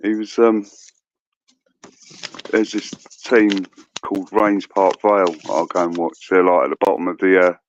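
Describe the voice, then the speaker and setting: A middle-aged man on a phone call, talking casually in a rambling, halting way, full of fillers and swearing. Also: low voice, fairly even intonation, slight background noise. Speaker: guest caller. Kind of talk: casual chat.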